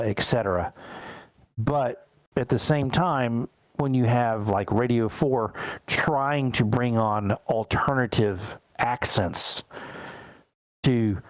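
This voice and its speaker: A middle-aged man runs a tabletop game in an unhurried, meandering way. He restarts his sentences often and leans on fillers. The sound is dry and close, with no room echo. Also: on the low side. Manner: rambling, with many fillers and restarts. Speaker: game master.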